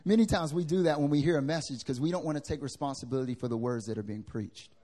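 A young man preaches from the pulpit in a fairly high voice. He swings from loud bursts to soft asides and drops into casual slang to address the congregation. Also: quick pace. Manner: lively preaching with wide swings in pitch and loudness, casual slang. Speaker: pastor. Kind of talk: sermon. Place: church hall with congregation.

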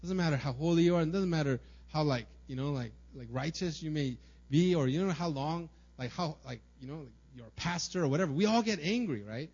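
A young man with a slightly raised pitch delivers a sermon to his church in a casual, conversational way, leaning on fillers and asking "right?" again and again. The recording is muffled and lo-fi. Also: lively intonation, brisk, a little mellow, husky. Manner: casual, filler-heavy preaching with many "right?" and "like". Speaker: pastor.

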